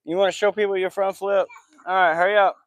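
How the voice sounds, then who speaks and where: A football podcast host in his thirties chats casually outdoors at home near the backyard and porch, like a vlog. His voice is high, flat, and quick with no echo, and he talks in loose slang while now and then scolding his kids and dog.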